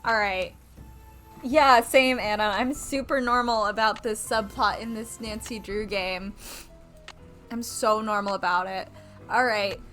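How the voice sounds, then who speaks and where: A young woman streaming a video game, chatting casually and excitably and swearing freely. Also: medium pitch, a little slow, soft background music.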